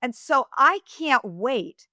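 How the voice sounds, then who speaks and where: A woman's voice: high-pitched, sing-song, takes it slowly, pushed and bright, no echo, studio quality. A woman hosting an interview, encouraging her guest and smiling as she shares a similar story. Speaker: podcast host. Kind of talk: interview conversation.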